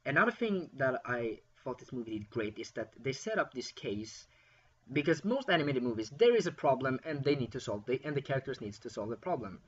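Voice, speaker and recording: A man's voice: mid-range voice, sing-song, fairly quick, breathy edge, muffled recording. A man giving a casual, rambling film review, with frequent fillers and restarts.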